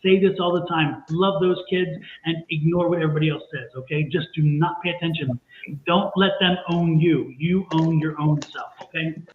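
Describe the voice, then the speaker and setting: A man reassures a viewer during a streamed tarot reading, repeating himself earnestly. His voice sits a touch high and comes through a thin, phone-like call with a roomy echo. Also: normal speed. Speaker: tarot and psychic reader. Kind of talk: live-streamed psychic reading. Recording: echoey, phone-like line with faint noise.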